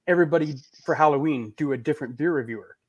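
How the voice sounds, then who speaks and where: A man's voice: a little high, very fast, dull audio. A man from Canada chatting on a live beer stream, friendly and eager to tell stories. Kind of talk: casual chat.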